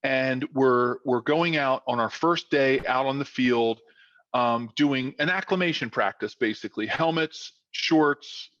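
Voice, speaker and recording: A man in his fifties recounts old football days in a casual, rambling way, stacking fillers as he goes. His voice sits at a middle pitch. The recording is dry and slightly muffled, like a remote podcast call. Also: measured pace, no room sound. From South Philadelphia. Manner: rambling, animated with many fillers. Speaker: podcast guest, former football player. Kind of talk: casual storytelling.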